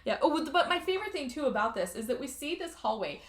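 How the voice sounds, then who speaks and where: A woman's voice: high-pitched, sing-song, fast. A woman hosting a podcast, recapping a movie in a rambling casual chat full of "like" fillers. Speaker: podcast host. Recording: echoey room.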